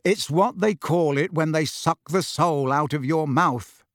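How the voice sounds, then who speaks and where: A man's voice: a little high, unhurried, no room sound, clean studio sound, natural voice. A man voicing an impatient, exasperated teenage boy in an audiobook, with clipped speech. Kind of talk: audiobook character voice.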